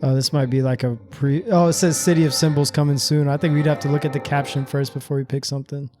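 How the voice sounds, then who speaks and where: A man's voice: a little high, level tone, quick pace, mellow, faint music behind. A man co-hosting a podcast in casual chat, thoughtful and hedging, often restarting his sentences. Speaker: podcast co-host.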